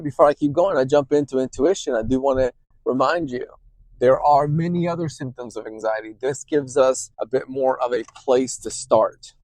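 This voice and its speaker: A therapist with a slightly high voice hosts a podcast, recorded without echo. He lays out ideas in a conversational style, repeatedly checking in with "right?", and turns softer and quieter whenever he describes intuition.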